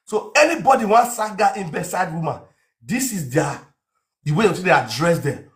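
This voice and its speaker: A Nigerian man rants for laughs in a slightly raised voice. He swings from low muttering into shouting and lands on mock accents. His delivery stays lively and restless throughout. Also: a little slow. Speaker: comedian. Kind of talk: comic rant.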